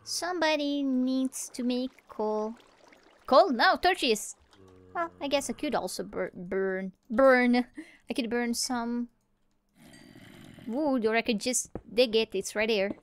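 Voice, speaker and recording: A woman with a slightly high voice talks her way through a video game in a loose, rambling stream of thought. She jokes to herself and chats to in-game animals in a playful tone, like a casual let's-play commentator. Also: expressive, unhurried, long pauses. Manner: rambling, playful self-talk. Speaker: gamer playing solo.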